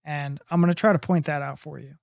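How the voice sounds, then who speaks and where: A man's voice: a little high, fairly even intonation, fast talker, vocal fry, darkish tone, no room sound. A man, a drummer, giving casual and enthusiastic reaction commentary on a live music video. He rambles loosely and admits he is ranting. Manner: loose and talkative, full of fillers like "you know" and "like".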